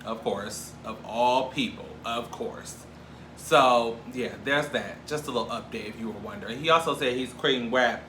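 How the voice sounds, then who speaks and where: A man's voice: medium pitch, moderate pace, a little hiss or hum. A man hosting a casual gossip show, joking, swearing and acting out what people said. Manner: animated, jokey, profane, acts out quoted lines. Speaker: show host. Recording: echoey room with faint ambience.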